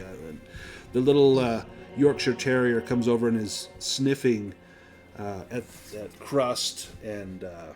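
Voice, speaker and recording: A man narrating a tabletop role-playing game as game master, descriptive and unhurried, pausing with fillers. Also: medium pitch, darkish tone, faint music behind.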